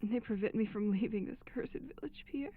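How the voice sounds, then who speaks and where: An actress voicing a frightened young woman trapped in a haunted village, narrating in a hushed, often whispered voice. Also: fairly high pitch, brisk, a little hiss or hum, close to an everyday voice. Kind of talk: game voice-over narration. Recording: tinny phone-like sound.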